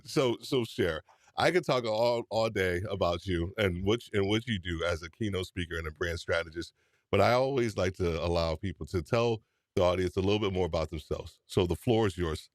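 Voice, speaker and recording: A man's voice: low-pitched, moderate pace, no echo, clean studio sound. A man hosting a live-streamed podcast show, chatty and upbeat, teasing his guest. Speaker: host.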